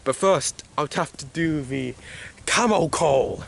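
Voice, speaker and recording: A man's voice: a little high, slow, gravelly. A man casually talking through a video game as he plays it, rambling and restarting his sentences. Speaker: gaming video host.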